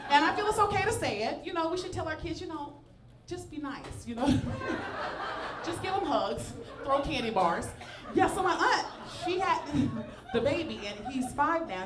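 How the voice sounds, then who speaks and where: Southern woman stand-up comic, high lively voice bouncing all over, self-mocking, echoey club with a crowd laughing. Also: noisy background. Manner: animated, self-mocking, playful asides to the crowd. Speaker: stand-up comedian. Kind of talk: stand-up comedy set. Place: comedy club stage.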